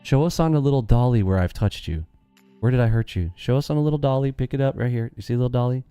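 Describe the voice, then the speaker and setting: A man's voice: mid-range voice, quick pace, mellow, clear, resonant tone, dry recording, soft background music. A man hosting a day-trading live stream, brashly mocking and talking back to his chat.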